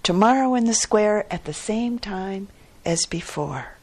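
A humble Brahmin farmer in a spoken fable, as a woman storyteller voices him. He is earnest and eager, with a breathy, unhurried voice that rises a little higher than hers. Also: animated, a little mellow.

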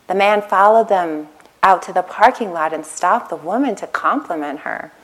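A woman meditation teacher giving a gentle dharma talk at a retreat, telling stories in a soft, calm way. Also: on the low side, moderate pace, low-quality recording. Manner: gentle, storytelling, soft-spoken. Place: retreat center meditation hall.

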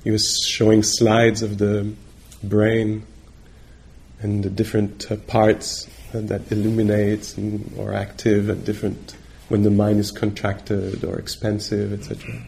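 A male meditation teacher giving a dharma talk on retreat, gentle and reflective, pausing often as he searches for words. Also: fairly low pitch, completely flat delivery, gravelly. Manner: halting, searching for words with many pauses.

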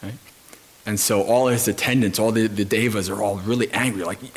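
A monk giving a Dhamma talk at a retreat, telling stories calmly with frequent fillers and restarts. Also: male voice, on the low side, normal speed, husky.

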